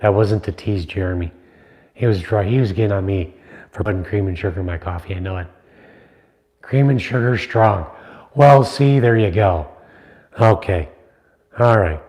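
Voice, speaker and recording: A middle-aged man hosts a live chat with his viewers, rambling from one topic to the next and ribbing them as he goes. His voice sits a little low, with a mellow, relaxed tone. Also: normal speed, pauses often. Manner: rambling, teasing, chatty. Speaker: livestream host, knife maker.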